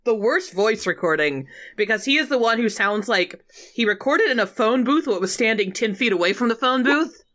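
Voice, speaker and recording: Podcast co-host, woman: bright, dry comic recap with a fairly high pitch. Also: normal speed. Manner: wry, deadpan, breaks into silly voices. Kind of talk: casual comedic recap.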